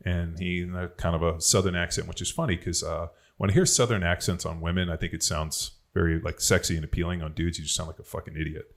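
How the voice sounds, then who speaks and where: This former NFL player, now a podcast host, speaks low-pitched and fast with hardly any pauses, keeping his tone steady. He's chatting casually, spinning rambling, profane anecdotes about football and strength.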